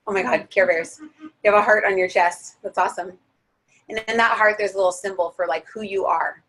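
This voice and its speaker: A woman's voice: medium pitch, fairly even intonation, brisk, a bit bright, poor audio. A young woman leading a guided visualization class in a casual, chatty way, full of filler words. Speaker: spiritual teacher leading a guided meditation.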